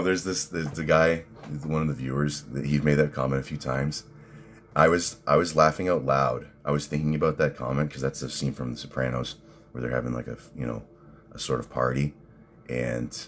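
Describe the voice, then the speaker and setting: A man talking in a casual rambling vlog, profane and laughing at his own stories. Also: extremely low pitch. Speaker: fitness vlogger and coach.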